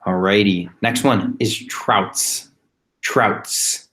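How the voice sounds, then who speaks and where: A male teacher leads a children's phonics lesson at a slow, unhurried pace. His voice sits fairly low, and he spells each word out letter by letter with patient repetition. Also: animated. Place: home, recorded remotely.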